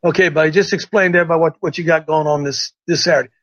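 Man, host, rambling, folksy, slightly high voice, dull lo-fi sound. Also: rapid-fire, hardly any pauses, fairly bright tone, no echo. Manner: rambling, folksy, self-interrupting. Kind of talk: casual livestream chat.

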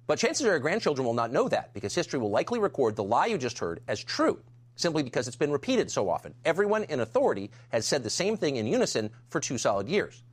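A man's voice: medium pitch, wildly swooping pitch, quick pace, husky. A man delivering a scripted monologue in an indignant, emphatic way. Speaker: commentator.

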